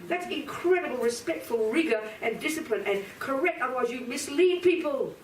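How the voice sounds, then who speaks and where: Woman teacher addressing a room, direct and forceful; roomy, distant mic. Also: sits high, expressive, moderate pace, slight background noise. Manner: blunt, emphatic, talks straight to listeners. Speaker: Buddhist teacher. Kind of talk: live dharma lecture to an audience. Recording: roomy hall from a distance, faint ambience.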